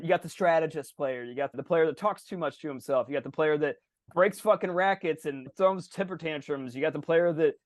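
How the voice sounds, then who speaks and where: A man co-hosting a podcast in casual chat, animated, swearing freely and acting out other people's voices. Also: fairly high pitch, a little fast, dry recording, clean studio sound. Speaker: podcast co-host.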